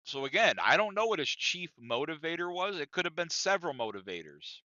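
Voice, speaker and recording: A man's voice: on the high side, big pitch swings, fairly quick, pushed and bright, dry recording, muffled recording. A man co-hosting a podcast, telling a story in a casual, profane and emphatic way that often circles back on itself. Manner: profane, emphatic, repeats himself. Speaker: podcast co-host.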